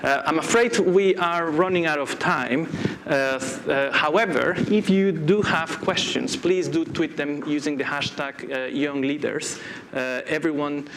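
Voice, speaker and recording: A man moderates a live Q&A in a hesitant way, peppering his talk with fillers. His voice has a gravelly, creaky edge. Clear hiss sits under the noisy event recording. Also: fairly high pitch, a little slow, hardly any pauses. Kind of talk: wrapping up a live Q&A.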